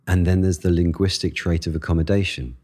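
Very deep, husky man explaining thoughtfully. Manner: thoughtful, expressive, quick bursts between pauses. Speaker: actor and guest. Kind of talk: conversational interview answers.

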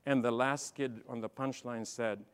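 A man's voice: mid-range voice, steady tone, moderate pace, smooth. Middle-aged man giving a storytelling talk. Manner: storytelling, swings from quiet to loud emphatic bursts. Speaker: speaker. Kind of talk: motivational leadership talk. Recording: long hall reverb.

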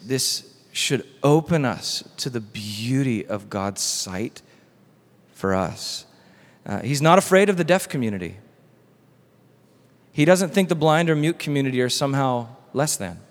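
A man preaching a sermon as pastor, animated and casual, acting out quoted dialogue. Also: medium pitch, unhurried. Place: church hall. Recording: long hall reverb.

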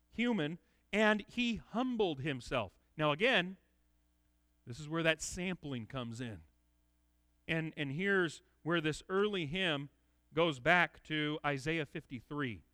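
A man's voice: fairly high pitch, sharp tone, dry recording. A man giving an expository sermon in an earnest, emphatic way, often repeating words as he restarts. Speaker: preacher.

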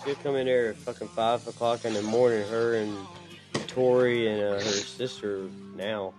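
A man's voice: on the low side, fairly even intonation, normal speed, music in the background. A man hosting a podcast in casual chat, ranting with heavy swearing and mocking others in put-on voices. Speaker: podcast host.

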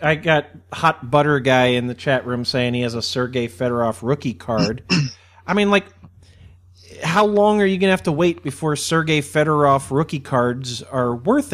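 A man's voice: on the high side, measured pace, a bit bright. A man co-hosting a casual podcast chat, rambling animatedly and swearing freely. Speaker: podcast co-host.

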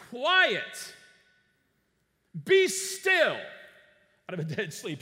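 A man preaching a sermon in a church, animated and asking the congregation rhetorical questions. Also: very high voice. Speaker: pastor. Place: church auditorium. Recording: long church hall reverb.

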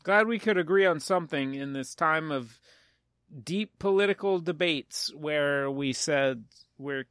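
A man's voice: fairly high pitch, unhurried, fairly bright tone, clean tone, no echo, studio quality. A man casually recapping a film's plot on a podcast, rambling and poking fun at himself. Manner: rambling, self-mocking plot summary. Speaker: podcast co-host. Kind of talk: casual movie-recap chat.

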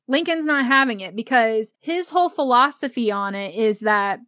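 Chatty lady hosting a book club live, says like a lot, kinda high voice. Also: animated, normal speed, hardly any pauses, fairly bright tone, dry recording, studio quality. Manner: chatty, heavy on fillers like "like". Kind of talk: casual livestream book discussion.

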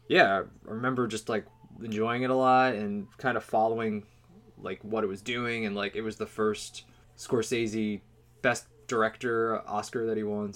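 A man co-hosting a movie comparison show, reading the credits and chatting casually. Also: fairly low pitch. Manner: upbeat, reads lists of credits. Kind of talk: casual podcast chat with scripted intro.

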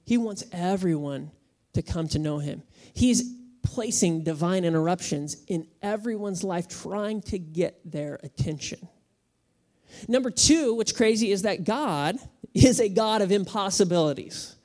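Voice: medium pitch, lively intonation, unhurried, darkish tone. A pastor preaching a sermon, conversational and humorous with emphatic moments.

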